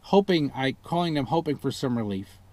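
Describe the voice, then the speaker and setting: A customer vents in a casual vlog about a car purchase that went badly, recounting a phone ordeal with growing indignation. His mid-range voice is warm, animated and fairly quick. Exasperated, he imitates the people he quotes.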